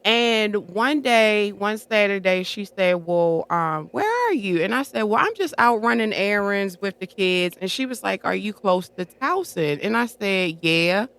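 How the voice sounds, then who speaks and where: A woman's voice: medium pitch, measured pace, hardly any pauses, clean tone. A woman guest on a podcast telling a story in a casual way, acting out what other people said. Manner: animated, acts out quoted dialogue. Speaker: podcast guest, horror streamer.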